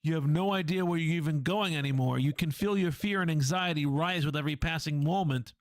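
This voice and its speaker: In this dramatic game read-through, a man with a fairly high voice goes a little fast. He voices each character of the visual novel with energy and slips in his own asides.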